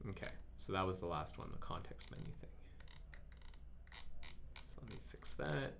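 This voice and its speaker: A man's voice: sits low, lively intonation, normal speed, gravelly, a bit bright, a little hiss or hum. A man hosting a live coding stream, thinking aloud as he works through code with frequent ums. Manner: musing and self-narrating, with frequent ums.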